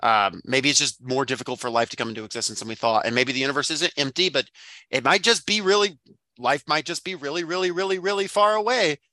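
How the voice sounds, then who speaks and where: A man co-hosting a casual book podcast, talking through his ideas in a rambling, thoughtful way with plenty of fillers and restarts. His voice is bright and forward. The sound is dry and close to the mic. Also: fairly high pitch, fast talker, no room sound. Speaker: podcast co-host.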